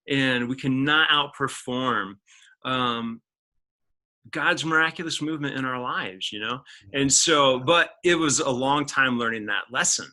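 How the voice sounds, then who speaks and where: A man in his forties, a guest actor, telling his life story in a casual interview, earnest and animated with frequent laughs and restarts. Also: medium pitch, rough recording. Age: 40s.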